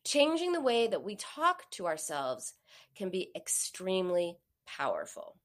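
A woman's voice: medium pitch, huge pitch swings, measured pace. A woman giving a coaching talk to an audience, acting out the quoted voices. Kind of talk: motivational talk on binge eating.

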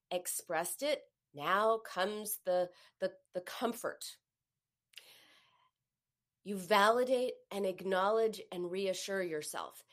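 A middle-aged woman coaching on emotions in a live teaching talk, acting out sighs and inner voices as she explains. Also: medium pitch.

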